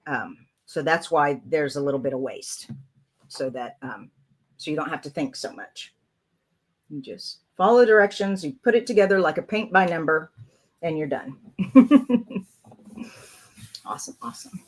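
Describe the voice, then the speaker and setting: Woman in her fifties, lowish voice, chatty live craft tutorial, rambling and thinking aloud. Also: normal speed. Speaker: crafting channel host.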